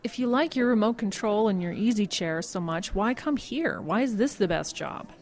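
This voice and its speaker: An actress playing a flustered young radio writer in a comedic radio drama, who stammers and dodges questions. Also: female voice, medium pitch, lively intonation, moderate pace, natural voice. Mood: wry. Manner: dodging questions, stammering when cornered.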